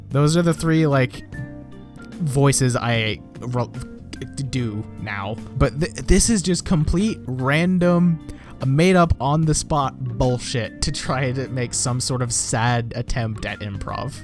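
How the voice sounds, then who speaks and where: A man's voice: medium pitch, slow pace. Rambling, swearing young man. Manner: rambling, swears often, self-mocking. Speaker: YouTuber reacting to his old videos. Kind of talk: casual reaction commentary. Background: guitar music.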